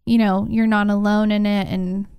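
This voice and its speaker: A woman co-hosting a casual podcast interview, her voice smooth and clear. She asks short questions and answers with supportive words. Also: mid-range voice, flat delivery, moderate pace, a little mellow. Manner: supportive, short encouraging replies. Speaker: podcast co-host.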